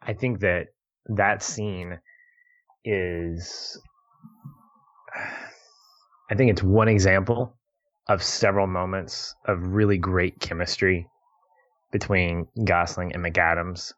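A man in casual chat about a film, reflective and quick to laugh. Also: sits low, fairly even intonation, fairly bright tone. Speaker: podcast co-host discussing a film. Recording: dull lo-fi audio.

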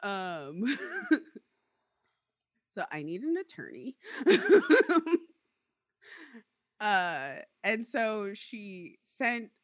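A woman's voice: mid-range voice, drawn-out words, pauses often, dry recording, clean studio sound. A woman in casual chat, angrily telling a story about a landlord dispute and acting out both sides. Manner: indignant, animated storytelling with mock quotes. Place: Seattle area.

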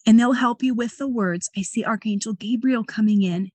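A woman working as a psychic medium, talking casually and gently about her spiritual practices and reading cards, often pausing to search for words. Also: mid-range voice, steady tone, dry recording. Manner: gentle, rambling, with frequent fillers.

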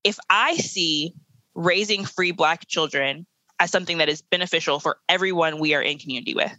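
Bright, emphatic young woman. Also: on the low side, brisk, no room sound, poor audio. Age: 20s. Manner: emphatic and blunt, with laughter. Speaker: guest, educator. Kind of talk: podcast interview.

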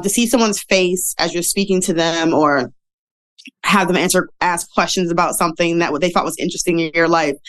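Candid, chatty woman with a lowish voice. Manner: candid and chatty, self-deprecating, laughs often. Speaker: guest. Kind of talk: casual interview storytelling.

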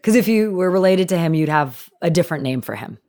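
A woman from Canada with a somewhat low voice, speaking as a guest on a talk show. She tells a story in a casual, animated way and laughs often. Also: fast.

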